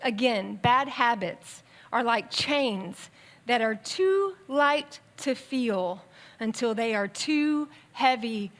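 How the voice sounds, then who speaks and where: Woman preaching in church, higher voice, chatty and animated, speeds up then slows down for emphasis. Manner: conversational, animated with asides and quick bursts. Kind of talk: sermon. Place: church sanctuary.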